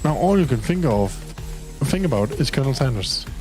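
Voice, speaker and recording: A man's voice: medium pitch, sing-song, a little fast, darkish tone, soft background music, low-quality recording. A young man from Denmark streams a dating game, reading its text aloud in a casual, playful way and now and then swearing. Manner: casual and playful, swears, talks to his pet. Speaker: gaming streamer.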